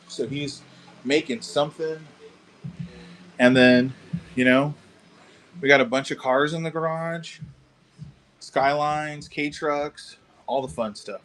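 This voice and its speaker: A man's voice: fairly high pitch, fairly bright tone. Laid-back chatty man selling model kits. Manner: laid-back, chatty, swears casually, calls viewers dude and bro. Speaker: live-stream seller of model kits. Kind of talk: casual live-stream selling chat. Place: car shop garage.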